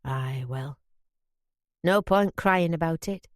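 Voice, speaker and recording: A woman reading an audiobook, voicing a gruff, proud Yorkshire father of fifty who grumbles bluntly in a lowered voice. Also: slow pace, no room sound, studio quality. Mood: subdued. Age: 50s.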